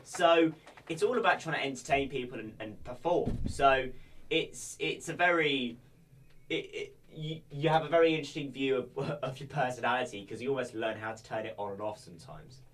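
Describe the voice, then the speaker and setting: A young man from England, a podcast guest chatting casually, jokey and deliberately high-energy. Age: young adult. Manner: animated, jokey, amps up his energy.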